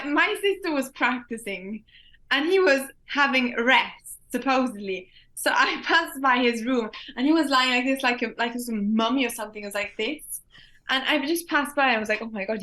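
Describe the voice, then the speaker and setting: A woman musician, a guest in an interview, telling stories in a lively way and chiming in. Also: sits high, moderate pace. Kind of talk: casual interview.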